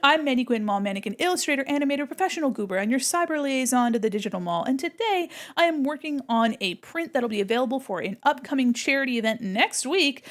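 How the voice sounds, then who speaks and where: A woman's voice: sits high, lively intonation, fast, few pauses. An American woman streamer and illustrator, chatting casually and bubbly with her viewers while she draws. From United States. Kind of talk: casual live-stream chat while drawing.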